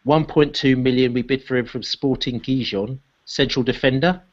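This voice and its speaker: A man's voice: medium pitch, steady tone, moderate pace, highs cut off. A man hosting a casual football podcast, running through the news and passing questions to his co-hosts. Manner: leads the talk, hands questions to the panel. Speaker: podcast host.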